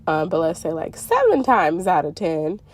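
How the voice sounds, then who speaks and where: A congested woman telling a long, rambling story in a casual monologue, full of fillers and slow stretched words. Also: deep voice, wildly swooping pitch. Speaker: spiritual YouTuber. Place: Arizona.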